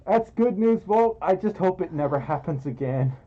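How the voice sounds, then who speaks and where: A man's voice: high-pitched, expressive, moderate pace, warm tone. Giggly man streaming, muffled sound. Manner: playful, giggly, self-deprecating. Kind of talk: casual livestream chat reading donations. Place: indoors, in a fursuit. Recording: muffled audio.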